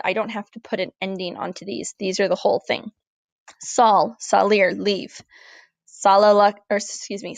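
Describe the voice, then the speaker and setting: A woman Spanish teacher, walking through a recorded grammar lesson, clear and deliberate, slowing down to model words. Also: mid-range voice, no echo. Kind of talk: recorded classroom lesson over slides.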